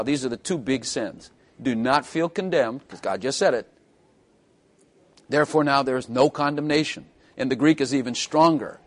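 A man preaching a sermon as pastor, mixing scripture with wry, teasing asides. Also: mid-range voice. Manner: wry, joking asides with quick bursts and drawn-out emphasis.

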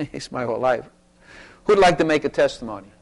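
A man preaching to his congregation at a medium pitch. He presses his points by saying them over and over, leading a service and inviting people to testify. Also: expressive, brisk, gravelly. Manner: repetitive, emphatic preaching. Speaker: pastor.

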